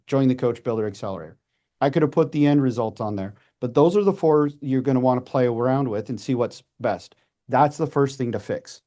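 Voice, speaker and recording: A man in his forties, a messaging coach and podcast guest, giving casual advice in an animated way with quick restarts and acted-out asides. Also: mid-range voice. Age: 40s.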